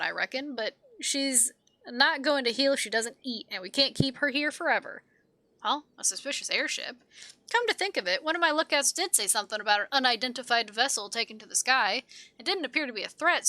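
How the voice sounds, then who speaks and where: A woman's voice: on the high side, sharp tone, no room sound. A woman voicing a blunt camp commander who grumbles in a dry, plain-spoken way. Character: gruff weary camp commander, blunt and wry.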